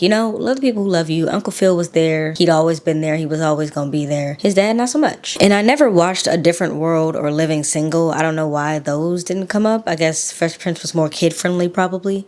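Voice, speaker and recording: A woman hosts a casual commentary video about a TV show. She talks in a chatty, opinionated, conversational way. Her voice sits a little low. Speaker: YouTube host.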